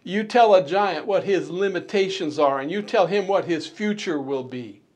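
Guy preaching a sermon, kinda high voice, punchy, slows way down on the big lines, stumbles and restarts a lot. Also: a little mellow. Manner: emphatic preaching, quick bursts and slow stresses, many restarts. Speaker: pastor.

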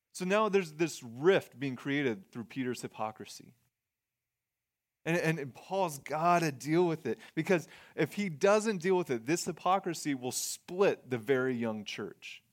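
A man preaching a sermon in a conversational way, reading scripture and explaining it plainly, often restarting his phrases. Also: a little high. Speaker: pastor.

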